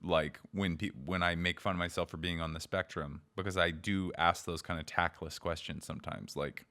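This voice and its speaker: A man's voice: low-pitched, fairly even intonation, normal speed, bright, forceful tone. A man co-hosting a podcast in a studio, rambling through stories and poking fun at himself. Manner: rambling, self-deprecating storyteller. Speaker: podcast co-host. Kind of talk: casual comedic chat.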